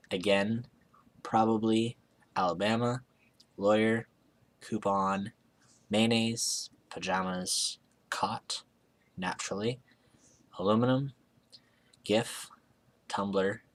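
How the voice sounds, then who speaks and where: A young man from Alaska in a casual vlog, reading words aloud and talking about a book with a hesitant, relaxed manner. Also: on the low side. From Alaska, USA. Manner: hesitant, lots of ums and restarts, relaxed. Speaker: vlogger. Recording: faint background noise.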